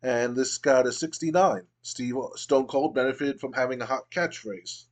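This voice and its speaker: A man hosting a casual let's play, narrating the action in a relaxed play-by-play way with occasional fillers. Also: medium pitch, moderate pace.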